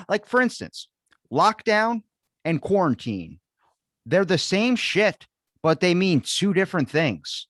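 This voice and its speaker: A man's voice: fairly high pitch, unhurried, no room sound, studio quality. A man hosting a podcast, chatting casually and telling stories with a lot of swearing. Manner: profane, animated storytelling with acted-out quotes. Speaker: podcast host.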